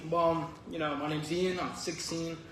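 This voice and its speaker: Guy sharing his recovery story, jokey then earnest, kinda high voice, echoey room with faint noise. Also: normal speed. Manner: joking, relaxed, earnest. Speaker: speaker sharing a testimony. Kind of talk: casual personal testimony. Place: meeting room at a church.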